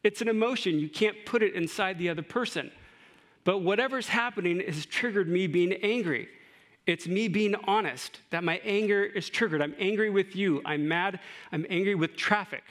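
A man's voice: high voice, moderate pace, fairly bright tone. A middle-aged man preaching a sermon in a conversational way, with asides and rhetorical questions. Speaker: pastor.

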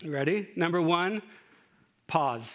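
Man, middle-aged pastor, fairly high voice, chatty sermon, rhetorical questions. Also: moderate pace, a bit bright. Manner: conversational, with asides and rhetorical questions.

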